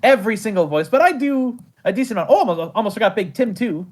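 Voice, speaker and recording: A man's voice: high voice, expressive, fast. A man chatting casually in an interview about voicing characters. He rambles with lots of fillers, laughs often and pokes fun at himself. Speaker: creator and voice actor of an animated show.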